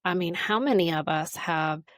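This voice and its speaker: A woman's voice: lowish voice, moderate pace, dry recording, clean studio sound. A woman hosting a wellness podcast, talking casually and informally and repeating words for emphasis.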